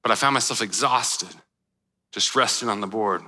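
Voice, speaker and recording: A man preaching a sermon in a relaxed, conversational way, telling a personal story with casual slang. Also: on the low side, normal speed, long reverb tail. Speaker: pastor.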